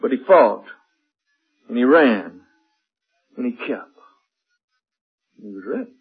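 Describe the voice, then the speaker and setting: A man's voice: mid-range voice, very animated, slow, husky, narrow, tinny audio. A man preaching a sermon in an emphatic way, repeating and building his phrases.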